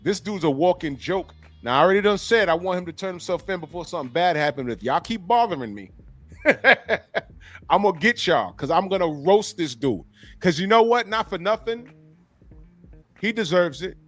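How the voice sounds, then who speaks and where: A man's voice: high voice, lively intonation, normal speed, soft background music. A man co-hosting a podcast, talking in casual, profane, mocking banter. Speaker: podcast co-host.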